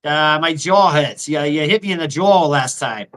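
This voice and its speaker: A grumpy male skeleton buddy whines and complains in a slightly raised, bright, edgy voice, as a man puts him on. He bickers in short gripes. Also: fairly high pitch, moderate pace, lightly acted. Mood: whiny.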